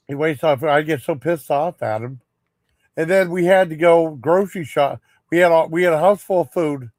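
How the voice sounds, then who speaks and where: A man's voice: on the high side, normal speed, a little mellow, dry recording. A man telling a rambling story on a live stream, frustrated and cursing freely as he goes. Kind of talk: casual storytelling chat.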